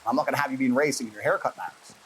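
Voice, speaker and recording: A man telling a personal story as an interview guest in a fast, casual, profane way. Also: mid-range voice, slight background noise, poor audio.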